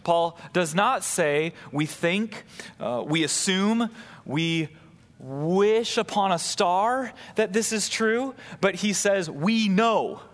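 Emphatic male preacher in a reverberant hall. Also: slow. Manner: emphatic, rises and drops in pitch for stress. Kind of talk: sermon.

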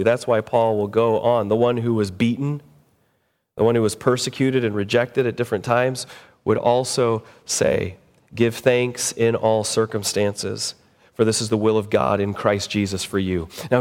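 A man preaching a sermon as pastor, animated, acting out quoted voices with big jumps in pitch. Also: moderate pace. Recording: long hall reverb.

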